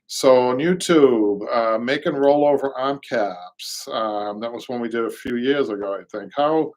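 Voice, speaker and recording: A man's voice: medium pitch, a little slow, darkish tone. A middle-aged man with a Boston accent hosts a live show in casual chat, rambling and reading viewer comments aloud. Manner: rambling, repeats words, reads comments aloud. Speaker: show host, upholsterer.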